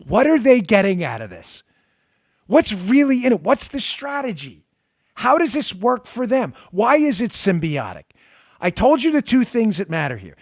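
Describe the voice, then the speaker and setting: A man hosting a political talk show, delivering an emphatic, sarcastic monologue that swings between loud and quiet, on a close studio mic. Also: a little high, no room sound. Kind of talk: opinionated talk radio monologue.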